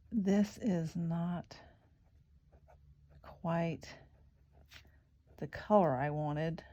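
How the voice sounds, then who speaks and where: Slow gravelly woman chatting while crafting. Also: low-pitched, lo-fi sound. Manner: slow, chatty, thinking aloud while working; spells words out in soft whispers as she writes. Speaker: craft channel host. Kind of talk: casual crafting vlog.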